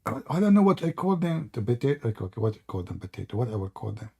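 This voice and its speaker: Mocking man, mellow voice, hoarse. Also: medium pitch, very animated, fast. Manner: sarcastic, laughing, sing-song taunting. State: losing his voice. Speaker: host of a live debate stream. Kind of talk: mocking live debate chat.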